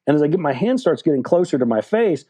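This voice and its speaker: Sixties male interview guest, relaxed mellow tone, loose chatty anecdote delivery. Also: a little high, fast. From West Virginia, USA. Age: 60s. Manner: rambling, full of "like" and "you know" fillers, laughing at his own story. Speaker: guest author. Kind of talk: casual storytelling interview.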